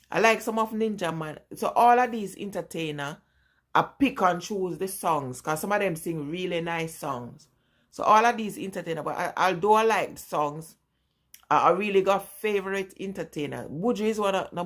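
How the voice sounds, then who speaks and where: A middle-aged Jamaican woman with a strong Jamaican accent, chatting casually and rambling as she answers viewers in a live vlog. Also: medium pitch. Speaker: vlogger.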